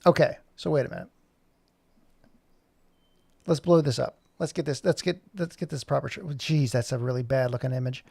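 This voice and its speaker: A man streaming his animation work, chatting casually and thinking aloud in a rambling, jokey, self-mocking way while he fumbles with his software. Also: mid-range voice, steady tone, normal speed, gravelly, long pauses, slightly rough, no room sound. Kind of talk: casual live-stream chat.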